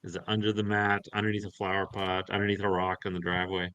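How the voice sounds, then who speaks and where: A man with a bright, somewhat low voice plays at a tabletop game. He asks questions in a hesitant way and starts over several times. The sound is dry and close. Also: monotone, fast talker, smooth, dry recording, dull audio. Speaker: player.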